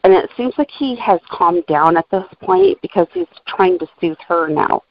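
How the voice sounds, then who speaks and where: Low-voiced woman with a dry, dull sound. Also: lively intonation, normal speed, no echo. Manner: methodical, walks through notes and transcripts. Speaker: podcast co-host. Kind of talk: casual chat. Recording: dull lo-fi recording.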